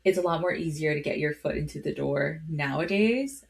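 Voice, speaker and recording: A woman's voice: sits low, moderate pace, gravelly. A woman co-hosting a podcast in casual chat, filling her talk with "like" and throwing in joking asides. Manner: chatty, joking asides, lots of "like". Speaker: podcast co-host.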